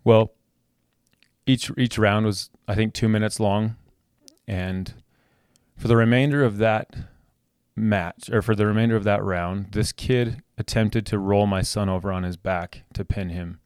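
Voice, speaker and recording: A man's voice: fairly low pitch, fairly even intonation, unhurried, darkish tone, clean tone, no room sound, clean studio sound. A man hosting a podcast, telling a heartfelt personal story about his son with many restarts and repeated words. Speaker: podcast host.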